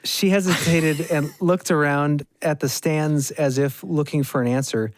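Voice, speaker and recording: A man with a slightly raised voice reads a rambling online post aloud for his co-hosts. He jumps in with quick, animated asides between the lines. The sound is dry and close. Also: a little high, dry recording. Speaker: podcast co-host. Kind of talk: casual chat, reading a post aloud.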